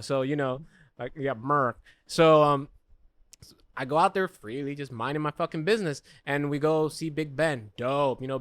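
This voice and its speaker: A man's voice: fairly high pitch, a bit bright, no echo, studio quality. Profane American man telling a story. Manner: profane, rambling anecdote. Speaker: podcast co-host. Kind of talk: casual chat, storytelling.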